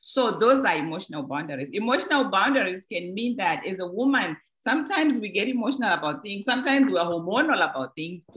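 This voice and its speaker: A middle-aged woman speaks to a congregation with an earnest teaching voice, set at a middle pitch. She explains plainly and slips into short acted-out examples. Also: a bit bright, poor audio. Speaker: speaker teaching a church group.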